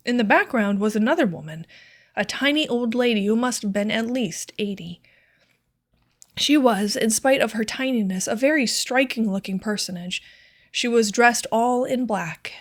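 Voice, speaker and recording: A woman narrating a classic short story as an audiobook reader, in a measured, clear storytelling manner. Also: fairly high pitch. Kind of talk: scripted narration.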